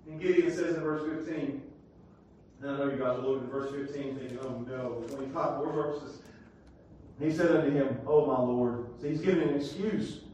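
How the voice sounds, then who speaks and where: A male pastor preaching a sermon, swinging from loud shouted questions to hushed, quiet passages. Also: medium pitch, steady tone, a little fast, slight background noise. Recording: echoey room, distant from mic.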